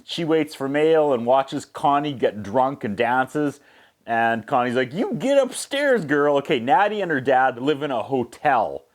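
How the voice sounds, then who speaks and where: A man recapping a movie's plot with sarcastic asides, briefly acting out the characters in quick voices. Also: medium pitch. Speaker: movie reviewer.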